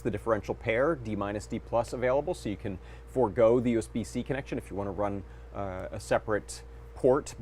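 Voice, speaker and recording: A man hosting a live maker workshop stream, chatty and casual with lots of fillers, a bit congested from a cold. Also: medium pitch. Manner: chatty, friendly, loose with fillers. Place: home workshop.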